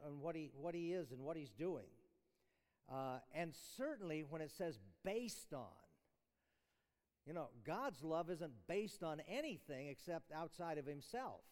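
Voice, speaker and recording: Man, chapel sermon, high voice, long hall reverb, conversational teaching, rhetorical questions. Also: lively intonation, a little slow, darkish tone. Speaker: chapel speaker. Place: large chapel.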